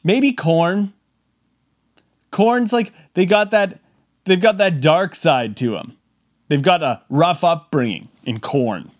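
A man hosting a podcast, telling a comic story in a casual, animated way and acting out the quotes. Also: on the high side, slow. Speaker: podcast host.

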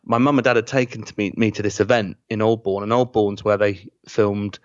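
Fast-talking man telling stories. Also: fairly low pitch, steady tone, no echo, dull audio. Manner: rambling, eager, repeats himself mid-sentence. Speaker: podcast guest, stand-up comedian. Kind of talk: casual chat, storytelling.

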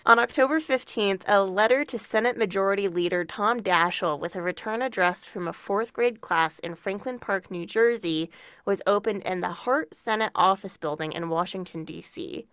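A woman's voice: medium pitch, moderate pace, a bit bright, clean tone, dry recording, studio quality. A woman co-hosting a podcast, reading prepared true crime narration with casual asides. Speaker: podcast co-host.

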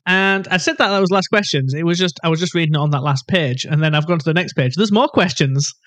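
A man hosting a casual chat, playful and asking quick questions. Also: fairly high pitch, a bit bright, no room sound. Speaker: podcast host.

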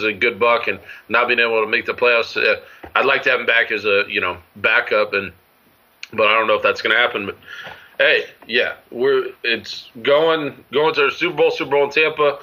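A man's voice: medium pitch, pushed and bright. A man co-hosting a casual sports podcast, rambling through his points with lots of fillers. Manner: rambling, full of fillers and restarts. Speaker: podcast co-host. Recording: dull lo-fi audio.

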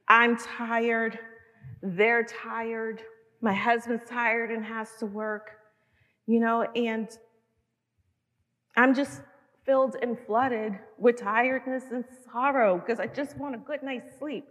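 A woman in her fifties speaks to a gathering of mothers, her voice sitting a little high for a woman. She preaches in a chatty, storytelling way, full of knowing asides. The sound carries a long reverb, as in a large hall. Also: steady tone, takes it slowly, a bit bright. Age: 50s. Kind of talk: conversational sermon.

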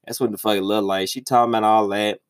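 A young man telling a story in a casual, profane ranting monologue, with his voice jumping high when he gets exasperated. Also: little pitch movement, fast, clear, resonant tone, no echo, clean studio sound. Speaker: vlogger.

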